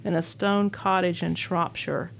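A woman's voice: lowish voice, steady tone, a little slow, vocal fry, a little hiss or hum. An older woman from Illinois, reading her own memoir essay aloud as a guest, in a wistful, wry storytelling manner. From Illinois, USA. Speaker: author and guest.

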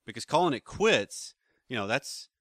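A man's voice: medium pitch, big pitch swings, normal speed, a bit bright, dry recording, studio quality. A man co-hosting a podcast about relationships, talking casually in rambling, trailing sentences. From United States. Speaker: podcast co-host, relationship counselor. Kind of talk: casual chat.

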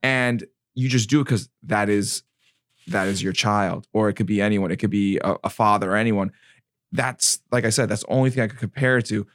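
A man in his thirties hosting a casual chat, animated and profane, acting out quotes. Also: fairly low pitch, a little fast, dry recording, studio quality.

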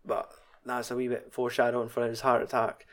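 A man's voice: medium pitch, fairly quick. Sweary Scottish young man chatting. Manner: sweary, animated, laughs often. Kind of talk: casual chat.

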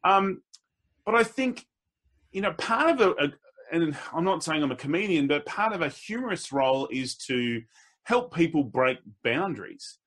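A man, a public speaker, telling anecdotes in a relaxed conversation, with a husky voice. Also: moderate pace. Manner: storytelling, slips into quoted voices with pitch jumps. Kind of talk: casual conversation.

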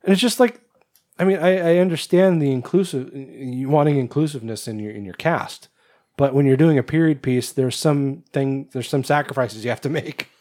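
A man co-hosting a podcast, chatting casually about a film, blunt and quick to swear, often trailing off and restarting. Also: mid-range voice, a little mellow. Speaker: podcast co-host. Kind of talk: casual movie review chat.

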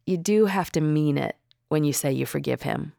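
A woman's voice: deep voice, moderate pace, vocal fry, dark tone, dry recording, studio quality. A woman co-hosting a podcast, talking in a candid, confessional way. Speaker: podcast co-host. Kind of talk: casual podcast chat.

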